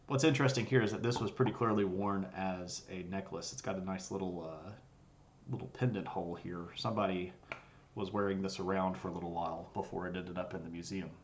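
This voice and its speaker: A man's voice: sits low, fairly even intonation, fairly quick, slight background noise. A man with blocked sinuses giving a casual, chatty live-streamed history lecture with jokes and fillers. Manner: chatty, jokey, many fillers.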